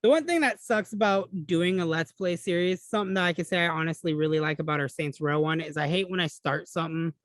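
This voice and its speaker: A man co-hosting a podcast, chatting casually and relaxed about video games, swearing now and then. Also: on the high side, fast talker, hardly any pauses, no room sound. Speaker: podcast co-host. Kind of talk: casual gaming chat.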